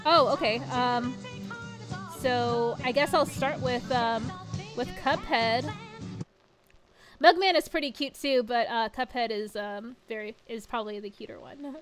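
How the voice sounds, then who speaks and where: A chatty woman with a high voice talks casually through a live game stream, giggling as she reads chat aloud. Game music plays clearly behind her. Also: unhurried.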